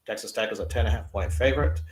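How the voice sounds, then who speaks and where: A man's voice: on the low side, racing. A man hosting a casual sports show, reading out game spreads and odds with wry jokes. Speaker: podcast host reading game lines.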